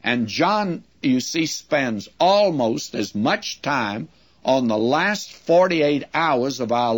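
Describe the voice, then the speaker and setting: A man preaching an earnest, emphatic sermon, addressing his listeners as friends. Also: medium pitch.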